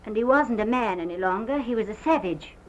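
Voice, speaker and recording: An actress playing a distraught woman who haltingly recounts a violent night, in early sound-film acting on a muffled old film recording. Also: fairly high pitch, lively intonation, slight background noise, close to an everyday voice. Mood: strained. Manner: halting, hesitant, breaks off.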